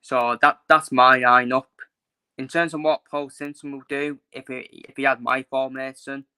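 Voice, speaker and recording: Frustrated young man ranting, bright voice. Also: medium pitch, clean tone. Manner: frustrated, repetitive, blunt with swearing. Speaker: football fan vlogger. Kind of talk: casual opinion rant.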